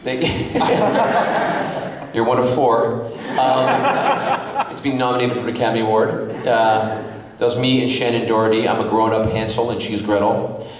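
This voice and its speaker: A man, an actor guest on a convention panel, telling an animated story to a crowd with lots of laughing and fillers. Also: mid-range voice, a little slow, pauses often, heavy background noise. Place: convention hall panel room. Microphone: distant from the recording mic. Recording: echoey hall from far off.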